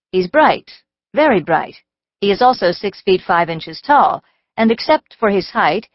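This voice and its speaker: A woman's voice: medium pitch, dry recording. A woman narrating an audiobook in the first person, with a wry, dry-humored delivery. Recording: slightly dull dry studio audio.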